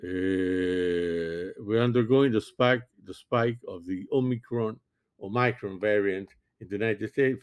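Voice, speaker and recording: A man in his sixties, a physician, giving a halting, earnest opinion monologue and often restarting his sentences. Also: on the low side, dry recording. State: sleepy, yawning. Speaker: physician commentator.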